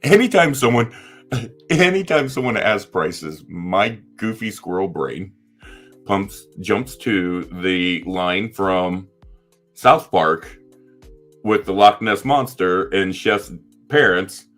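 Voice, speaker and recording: A man's voice: on the low side, animated, slow, fairly bright tone, soft background music. A man co-hosting a casual chat show, telling rambling stories with lots of restarts. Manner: rambling, restarts and trails off, laughs at own stories. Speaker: podcast co-host.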